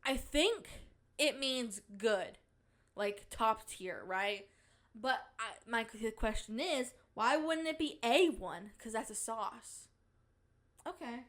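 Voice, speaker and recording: Brief: young woman podcast host, slightly high voice, playful, giggly, teasing self-praise. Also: expressive, slow pace, a bit bright. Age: young adult. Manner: playful, giggly, mock-dramatic bragging. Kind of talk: casual chat.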